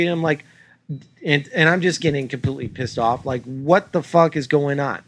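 A man co-hosting a comedy podcast, telling a story in an exasperated, swearing, animated way. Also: on the high side, normal speed, a little hiss or hum. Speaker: podcast co-host. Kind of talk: casual chat, ranting story.

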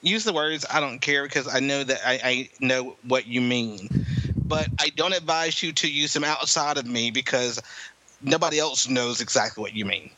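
A man's voice: medium pitch, normal speed, bright, forceful tone, a little hiss or hum, rough recording. A man co-hosting a comedy podcast, reading a news story aloud with frequent fillers, then chatting casually. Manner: reads with many fillers. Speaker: podcast co-host.

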